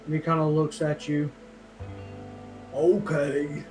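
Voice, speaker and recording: A man's voice: fairly high pitch, fairly even intonation, normal speed, faint music behind, rough recording. A man running a tabletop role-playing game as game master, narrating with many hesitations. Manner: hesitant, filler-heavy narration.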